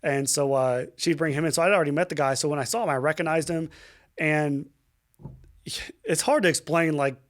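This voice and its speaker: A young adult man speaks as a podcast guest, recounting his past with raw emotion. His voice sits a little high for a man, and he stumbles through restarts and fillers, cursing now and then. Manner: emotional, halting, many fillers and restarts, swears. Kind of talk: personal storytelling in an interview.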